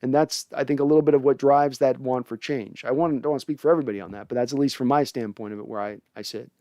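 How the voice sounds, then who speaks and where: A man's voice: medium pitch, steady tone, fast talker, mellow, no room sound, clean studio sound. A young man hosting a casual sports fan show, reading viewer comments and giving opinionated takes with frequent restarts.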